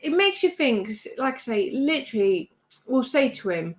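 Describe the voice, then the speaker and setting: A British woman with a slightly raised pitch hosts a relaxed livestream from her craft bench. She reads out viewer comments and chats on in a rambling way, laughing easily. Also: moderate pace. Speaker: livestream host. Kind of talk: casual chat reading viewer comments.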